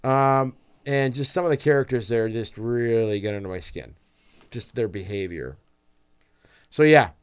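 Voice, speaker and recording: A man's voice: medium pitch, a little slow, pauses often, smooth, no echo. A man co-hosting a podcast, chatting casually about films, rambling with restarts and jokey grumbling. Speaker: podcast co-host. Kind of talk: casual movie chat.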